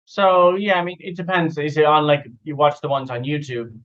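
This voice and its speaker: A man giving casual spoken feedback as an IELTS speaking teacher, relaxed and repeating example phrases to model how they sound. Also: a little high, normal speed, dull audio. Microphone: online video call.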